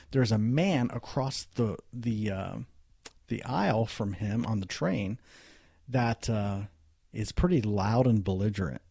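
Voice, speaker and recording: A man's voice: lowish voice, warm tone, slightly rough, no room sound, studio quality. A man hosting a podcast, casually retelling a story in a conversational way. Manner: conversational, many fillers and restarts. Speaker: podcast host.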